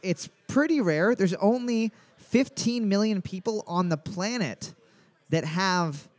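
A man's voice: sits high, slow. A man hosting a casual trivia podcast, reading each question twice and cracking crude jokes. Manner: jokey, swearing, reads questions twice. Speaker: trivia host.

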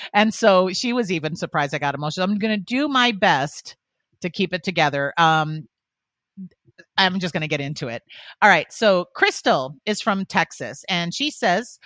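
A woman hosts a podcast and reads a listener's letter aloud with earnest care. Her voice sits low. The sound is close and dry, with no room around it. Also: lively intonation, moderate pace, a bit bright, no room sound. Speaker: podcast co-host.

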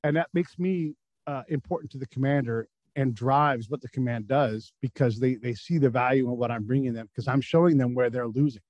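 A man's voice: mid-range voice, brisk, darkish tone, no echo, highs cut off. A middle-aged man telling war stories candidly in a casual interview, swearing freely and acting out the people he quotes. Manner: candid, profane, acts out quotes in voices. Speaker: guest, former military intelligence officer.

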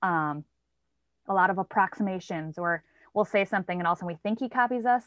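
A woman's voice: medium pitch, fast talker, a bit bright, no room sound. A woman in her thirties talking about her child in casual conversation, often acting out quoted lines with a raised voice. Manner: chatty, acts out quoted lines in a lifted voice. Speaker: parent guest. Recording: dry, slightly dull sound.

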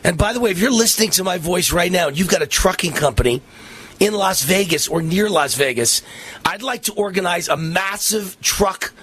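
A man's voice: sits high, breathy edge, dry recording. A middle-aged man hosting a radio talk show, delivering a fiery, emphatic political monologue full of repetition. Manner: emphatic, repetitive, rising to shouts.

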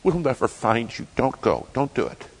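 A man's voice: mid-range voice, wildly swooping pitch, normal speed, pitched above the performer's own voice. A man playing a worn-out, pleading veteran sled-dog musher as he retells a story, his voice raised above his own in urgency. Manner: urgent, begging.

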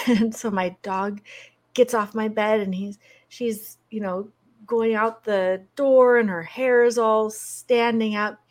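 Middle-aged woman, animated storyteller, laughs easily, mid-pitched. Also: a little slow. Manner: animated, laughs often while telling stories. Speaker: guest. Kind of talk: conversational storytelling.

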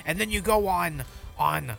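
A young man co-hosting a casual, crude podcast, rambling and laughing, sometimes breaking into sung shouts. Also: high-pitched, a little slow, creaky, faint music behind. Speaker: podcast co-host.

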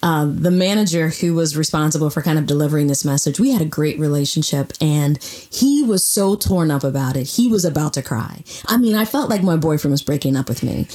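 A woman co-hosting a podcast, chatting casually and telling stories with lively acted-out quotes. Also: low voice, brisk, hardly any pauses. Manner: animated storyteller, acts out quotes. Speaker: podcast co-host. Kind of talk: casual intimate conversation.

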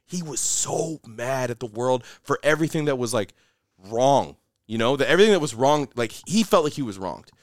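A man's voice: medium pitch, expressive, moderate pace, dry recording, studio quality. A young man hosting a podcast, talking casually and animatedly, swearing and saying "like" and "dude" a lot. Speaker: podcast host. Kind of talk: casual chat.

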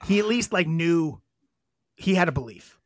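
A woman's voice: fairly low pitch, lively intonation, dry recording, studio quality. A woman co-hosting a podcast in casual chat, brash and swearing, hurrying the talk along. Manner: brash, swears, rushes ahead. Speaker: podcast co-host.

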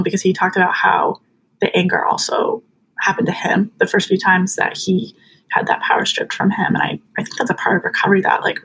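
A woman's voice: medium pitch, gravelly, a bit bright, a little hiss or hum, poor audio. A young woman as a podcast guest, telling a personal story in an earnest, chatty way, full of fillers.

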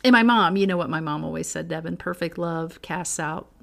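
Low-voiced woman sharing faith stories. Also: brisk, gravelly, a bit bright. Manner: earnest, storytelling, laughs often. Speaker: podcast co-host. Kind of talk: casual faith chat.

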